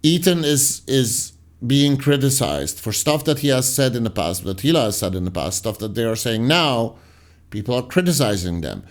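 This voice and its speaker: A man's voice: medium pitch, sing-song, moderate pace. A man hosting a commentary channel, casually reading viewer comments aloud and answering them with rambling, sarcastic asides that trail off into mutters.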